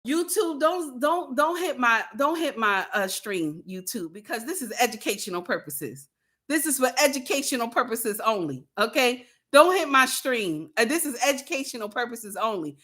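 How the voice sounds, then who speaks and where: A woman livestreaming casual commentary, speaking straight to her chat. Her voice sits high and has a bright, sharp edge. She hammers her points bluntly and repeats lines for emphasis, like a preacher. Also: expressive, normal speed. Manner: addresses viewers and chat directly. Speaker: livestream host.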